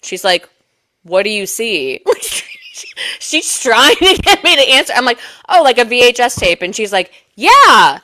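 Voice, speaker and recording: A woman's voice: a little high, sing-song, a little slow, bright, forceful tone, dry recording. A young adult woman co-hosting a casual podcast, swearing casually and laughing often as she recounts festival moments. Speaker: podcast co-host. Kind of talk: casual festival recap chat.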